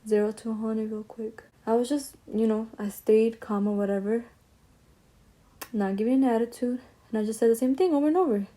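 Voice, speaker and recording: A woman's voice: a little high, fairly quick, warm tone. A young woman chatting casually as she tells a story while doing her makeup, slangy and drifting off on tangents. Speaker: beauty vlogger.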